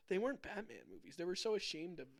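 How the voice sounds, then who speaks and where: A young man hosting a podcast in casual chat, rambling and excitable as he tells stories and gives strong opinions. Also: sits high, a little fast. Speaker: podcast host.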